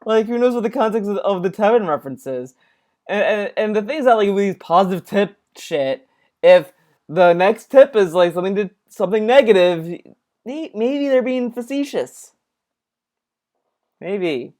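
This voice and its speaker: A man's voice: high voice, expressive, moderate pace, darkish tone. Man, reaction commentary, sarcastic, rambling, casual. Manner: rambling, sarcastic, swearing, many restarts. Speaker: commentary streamer.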